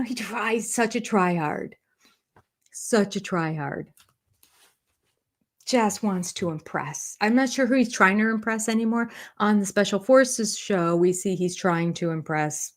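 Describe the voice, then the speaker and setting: A woman's voice: on the low side, moderate pace, a little mellow. An older woman hosting a live chat about reality TV, talking casually and sarcastically and laughing often. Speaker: reality TV review host. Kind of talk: live-stream chat with viewers.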